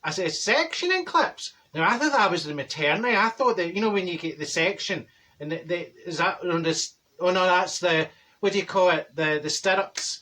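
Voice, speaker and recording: A man's voice: sits high, a little fast, bright, forceful tone. A man voicing a brash, chatty middle-aged woman with a Glaswegian accent, telling a comic story in a blunt, gossipy way. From Glasgow. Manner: gossipy, blunt, self-described people person. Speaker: comedy character. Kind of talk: character comedy monologue.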